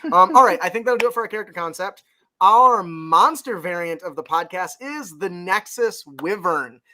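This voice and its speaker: Bright high-voiced man rambling about homebrew monsters. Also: animated, normal speed, slight background noise. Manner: rambling, self-correcting, laughs often. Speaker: podcast host. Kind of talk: casual tabletop game podcast chat.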